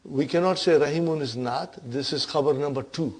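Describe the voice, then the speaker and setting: A man's voice: on the high side, fairly quick, breathy edge. A man teaching an Arabic grammar class, quizzing his students with repeated questions.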